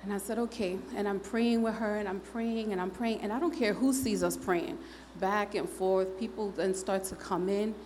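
A woman's voice: medium pitch, fairly even intonation, moderate pace, a little mellow, a little hiss or hum. A woman telling a candid, humorous personal testimony to a congregation, chatting loosely and acting out what people said. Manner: conversational, with frequent fillers. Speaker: church member giving testimony.

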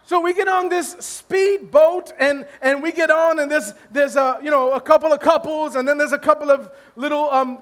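A male pastor with a very high voice, telling a comic story to his congregation. He is animated and self-deprecating, breaks into laughter and trips over restarts, and his voice rises to a shout at the funny parts. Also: moderate pace, hardly any pauses. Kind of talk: humorous sermon storytelling.

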